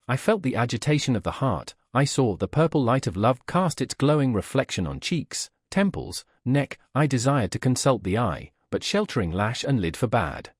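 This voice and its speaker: A man narrating a classic novel in the first person, reading in a measured, expressive way. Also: medium pitch, breathy edge, no room sound, studio quality. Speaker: audiobook narrator.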